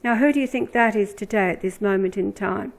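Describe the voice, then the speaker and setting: A woman giving religious commentary, reading scripture verses aloud with deliberate, emphatic delivery. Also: medium pitch, gravelly, low-quality recording.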